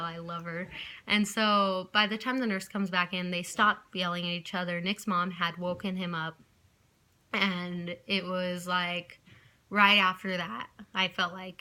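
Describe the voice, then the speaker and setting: Chatty young woman with a bright voice. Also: fairly low pitch. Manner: rambling, chatty, often apologizing and backtracking. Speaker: vlogger. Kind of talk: casual storytelling to camera.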